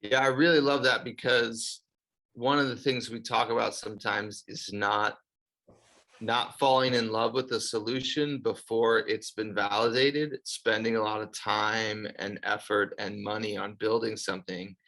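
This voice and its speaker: A man's voice: lowish voice, steady tone, a little slow, pushed and bright. A man hosting an interview, reflecting on the answers in an encouraging way and asking long questions. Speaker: interviewer, host.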